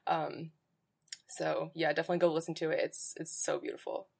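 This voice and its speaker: A young woman co-host with a slightly low voice chats casually on a podcast. She talks in halting bursts full of likes and ums. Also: flat delivery, gravelly, a little mellow. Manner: chatty, halting, many fillers. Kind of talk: casual chat.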